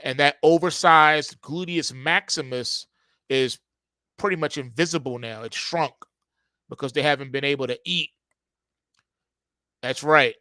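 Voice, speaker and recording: A man's voice: fairly high pitch, bright, forceful tone, smooth, no room sound. Emphatic man giving market commentary. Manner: emphatic, repetitive. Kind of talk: casual commentary monologue.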